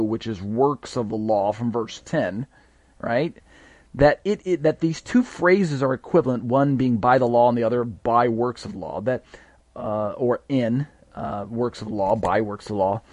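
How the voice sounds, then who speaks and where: A man's voice: mid-range voice, darkish tone, no room sound. A man teaching a live Bible study in an explanatory way, with frequent fillers and restarts.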